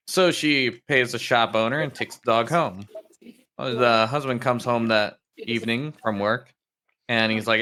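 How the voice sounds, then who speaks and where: Bright-voiced man telling crude jokes. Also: medium pitch, a little slow. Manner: loose storyteller, swears freely, acts out characters' lines. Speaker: podcast co-host. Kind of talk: casual chat, telling jokes.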